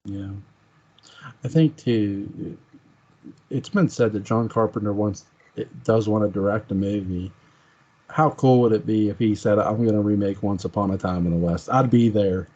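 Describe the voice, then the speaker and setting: A man's voice: on the low side, normal speed, mellow. A man co-hosting a podcast, chatting casually and enthusiastically about a film and quoting its lines. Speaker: podcast co-host. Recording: dull lo-fi sound.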